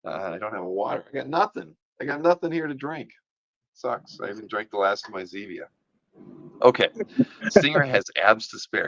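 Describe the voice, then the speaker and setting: Man, deep gravelly voice, hoarse from talking, rambling chat host, dry dull lo-fi sound. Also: lively intonation, moderate pace, a bit bright, no echo. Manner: rambling, enthusiastic, many fillers and restarts. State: losing his voice. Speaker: podcast host. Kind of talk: casual chat.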